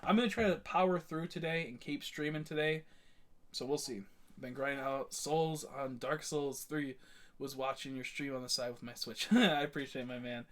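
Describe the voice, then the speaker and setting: A man's voice: mid-range voice, fairly even intonation, moderate pace, a bit bright. A young man streaming a game, chatting casually to viewers in a rambling, blunt way, full of fillers and restarts. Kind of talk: casual live-stream chat.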